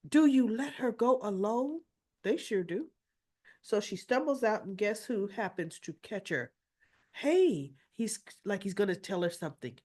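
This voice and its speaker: A woman's voice: medium pitch, normal speed, a little mellow. A woman hosting a casual soap opera recap, chatty and opinionated, acting out the characters' lines and sounding a little winded. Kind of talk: casual retelling of episodes.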